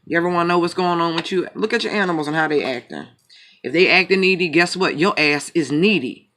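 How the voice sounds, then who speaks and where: Guy doing tarot on his channel, cracking jokes n cursing, voice sits a bit high. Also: fast talker, pushed and bright. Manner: joking, profane, rambling. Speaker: tarot reader. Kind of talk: casual chat and tarot reading.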